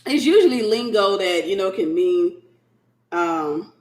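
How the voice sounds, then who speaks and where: Woman minister, casual livestream chat, sleepy, animated storytelling, echoey room. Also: mid-range voice, unhurried. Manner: animated storyteller who acts out quoted voices.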